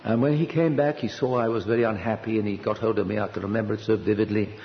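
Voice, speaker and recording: An older man preaching a sermon at a conference, telling a personal story earnestly, with sudden lifts of pitch for emphasis. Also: fairly even intonation, quick pace, a little hiss or hum. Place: conference hall. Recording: dull, slightly lo-fi hall recording with reverb.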